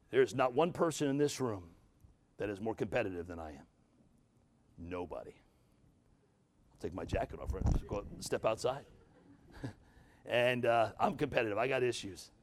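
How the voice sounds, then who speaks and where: Older man preaching, folksy and emphatic. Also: lowish voice. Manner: folksy, joking asides, rises to emphatic exhortation. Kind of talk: sermon.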